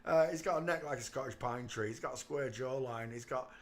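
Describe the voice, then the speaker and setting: Against crowd noise, a man hosts his channel at a slightly fast pace in a mid-range voice. He mocks photos, calls out to the viewer, and laughs as he jeers.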